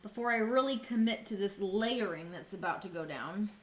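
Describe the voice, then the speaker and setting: A woman's voice: mid-range voice, moderate pace. A woman streamer chatting casually with viewers while cooking in her home kitchen, answering chat and swearing freely.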